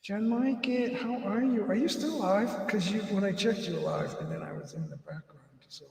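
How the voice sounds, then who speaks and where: A man hosting a livestream alone, thinking out loud and trailing off, a bit hot and out of breath, talking from an upstairs loft at home. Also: sits high, brisk, gravelly, echoey room, long reverb tail, distant mic, a little hiss or hum. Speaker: livestream host. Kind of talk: rambling solo live chat.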